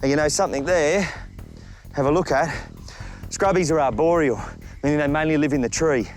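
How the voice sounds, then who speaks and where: A middle-aged Australian man presenting wildlife on location outdoors, chatty and lively, often talking straight to the animal. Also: a little high, brisk, soft background music. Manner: lively, chatty, talks directly to the snake. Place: outdoors in the bush and by a road.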